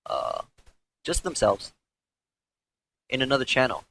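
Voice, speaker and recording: A young man, a former pro gamer, telling a candid, swearing story in casual talk with frequent halting restarts. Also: medium pitch, sing-song, a bit bright, slight background noise, rough recording.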